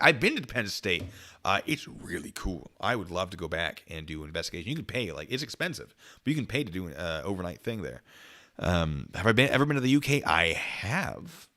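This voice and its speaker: Low-voiced guy with a bright edge, chatting on a livestream, laughs a lot. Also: big pitch swings, brisk. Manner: chatty, giggly, jokey. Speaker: channel host. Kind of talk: casual livestream chat, reading comments.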